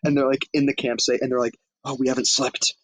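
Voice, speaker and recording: A man with a slightly husky voice, recorded dry and close. He co-hosts a movie podcast and tells the story in a loose, profane, chatty way, jumping into quoted lines as he goes. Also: medium pitch, little pitch movement, fast talker, fairly bright tone, dry recording, low-quality recording. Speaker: podcast co-host. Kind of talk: casual movie recap chat.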